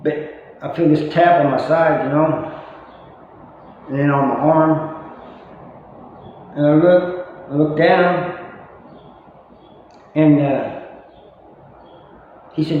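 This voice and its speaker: A man's voice: a little high, steady tone, takes it slowly, pauses often. A middle-aged man casually telling stories, rambling and full of "you know" asides, chuckling at himself now and then. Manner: chuckles at his own stories. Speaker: vlogger talking about life after prison. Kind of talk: casual storytelling monologue. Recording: very echoey, dull lo-fi room sound with faint noise.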